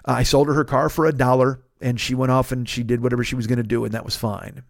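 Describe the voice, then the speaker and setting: A man in a middle pitch tells a personal story on his podcast, swearing freely and sounding fed up. The recording is dry and close, with no room around his voice. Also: fairly even intonation, fast talker, creaky, hardly any pauses, no echo. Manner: profane, exasperated storytelling. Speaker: podcast host. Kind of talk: casual storytelling monologue. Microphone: podcast microphone.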